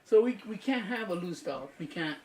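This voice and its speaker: Casting: young male podcast co-host, casual storyteller, higher voice, a bit off-mic with faint hiss. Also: animated, normal speed, a little mellow, echoey room, recorded from a distance. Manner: laid-back storytelling with profanity and quoted voices. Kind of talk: casual chat.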